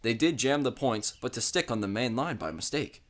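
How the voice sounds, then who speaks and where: A man's voice: mid-range voice, animated, moderate pace, natural voice. A man voicing a tired, helpful male signalman who talks plainly. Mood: reassuring.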